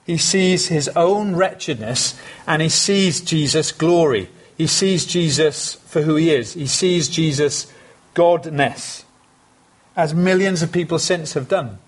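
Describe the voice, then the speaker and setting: A man's voice: fairly high pitch, slow, slightly rough. A man preaching a sermon, earnest and emphatic, repeating phrases for stress.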